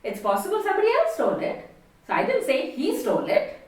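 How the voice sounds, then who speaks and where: A woman with an Indian accent teaching a communication lesson. She stresses her words deliberately and expressively. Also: very high voice, wildly swooping pitch. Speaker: communication trainer. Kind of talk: spoken lesson. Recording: echoey room, distant mic.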